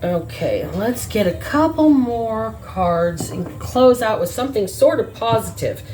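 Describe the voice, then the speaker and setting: Slow-talking woman spelling out readings. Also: on the high side, animated, background noise. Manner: musing, spells out letters slowly. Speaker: spiritual reader. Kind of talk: casual word-game reading.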